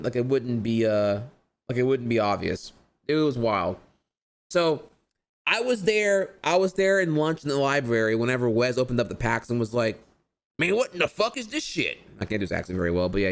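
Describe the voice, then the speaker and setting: A man in his thirties spins a long personal story straight to his viewers in a loose, slangy vlog style. He restarts sentences and swears freely, and his voice sits at an ordinary middle pitch. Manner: chatty and profane, heavy slang and repeated "dude"; rambling, with frequent restarts and filler asides. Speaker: streamer telling a personal story.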